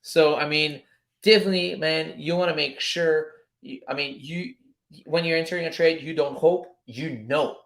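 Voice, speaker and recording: A man hosting a casual live stream about trading, talking in an animated, repetitive pep-talk way and swearing freely. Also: a little high, moderate pace, vocal fry.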